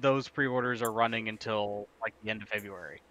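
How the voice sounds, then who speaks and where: A man's voice: on the low side, fairly even intonation, a little fast, a bit bright. A man co-hosting a casual stream, rambling through game news with lots of fillers and casual swearing. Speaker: stream co-host.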